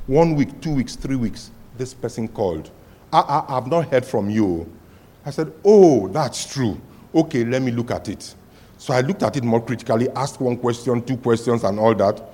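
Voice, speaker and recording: A man preaching a sermon as pastor, telling stories and rising to loud cries. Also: lowish voice, husky.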